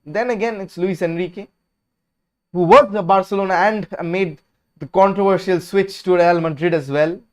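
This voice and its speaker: A man hosting a live watch-along stream, giving casual, opinionated match commentary that swings between lively calls and low, sleepy mumbles. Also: normal speed.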